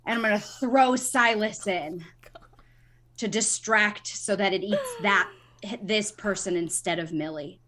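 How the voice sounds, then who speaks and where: A woman playing a character in a tabletop horror game, describing her actions and shouting in character at times. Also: medium pitch, measured pace, a little hiss or hum. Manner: speaks in character, describing actions with bold bursts. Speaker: player.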